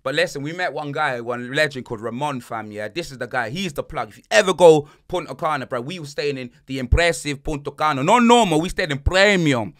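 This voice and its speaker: A man's voice: a little high, a little fast, hardly any pauses. A young man, hosting a podcast and telling a holiday story in casual, slang-heavy chat, acting out other people's voices. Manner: animated, slang-heavy, acts out voices in his stories. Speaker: podcast host.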